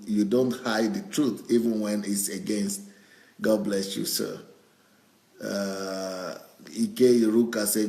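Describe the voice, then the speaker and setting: A male pastor with a low voice reads viewer comments aloud. He chuckles often as he goes. The recording has a roomy echo. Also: warm tone. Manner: chuckles often while reading.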